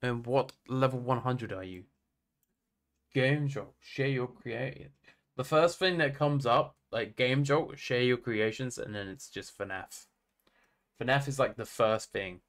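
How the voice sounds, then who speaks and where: A man's voice: medium pitch, a little slow, fairly bright tone. An English man casually commenting on a game for his live chat, humming idle tunes between remarks. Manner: hums idle tunes while playing, talks to chat casually. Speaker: game streamer.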